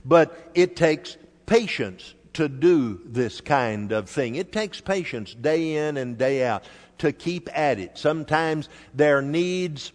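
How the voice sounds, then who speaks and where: An older man preaching a sermon, measured and emphatic, sometimes dropping soft. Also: medium pitch. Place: church hall. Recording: reverberant hall.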